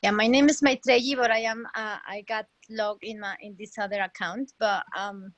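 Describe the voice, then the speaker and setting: A woman's voice: medium pitch, fairly even intonation, moderate pace, dull audio. A woman from Mexico, sharing hesitantly on a group call. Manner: hesitant, with many fillers. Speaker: participant sharing.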